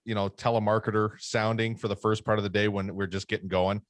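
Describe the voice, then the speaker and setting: A man's voice: fairly low pitch, little pitch movement, fast, no room sound. A man co-hosting a casual podcast chat, ribbing his friend in a dry, teasing way. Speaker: podcast co-host.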